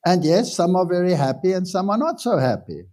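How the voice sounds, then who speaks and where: A pastor giving a sermon in a casual, conversational way, telling stories with self-deprecating humor. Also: male voice, sits high, sing-song, brisk, darkish tone. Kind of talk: anecdotal sermon talk.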